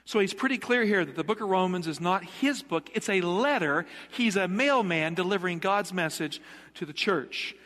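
A man's voice: high voice, animated, moderate pace, a bit bright. A middle-aged male pastor preaching a sermon in a church, emphatic and putting rhetorical questions to the congregation. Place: church sanctuary. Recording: long hall reverb.

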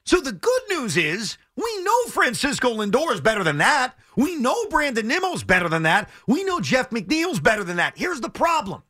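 A man's voice: very high voice, normal speed, hardly any pauses, dry recording. A man co-hosting sports talk radio, talking in an exasperated, emphatic way and repeating his points. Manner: animated, exasperated, emphatic repetition.

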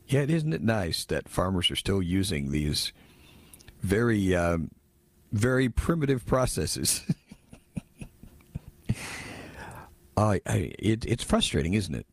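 A male radio host talks with a low, lively voice, jumping between sarcasm and mock surprise as he reads listener texts. He chuckles at his own jabs. The studio sound is close and dry. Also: takes it slowly, long pauses, dry recording. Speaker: radio talk show host. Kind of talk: casual talk radio commentary. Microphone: studio microphone.

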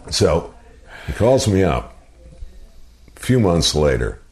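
A man's voice: deep voice, very animated, slow pace, a little mellow, soft background music. An older man, a radio personality, telling rambling anecdotes in a casual interview and slipping into impressions of other people.

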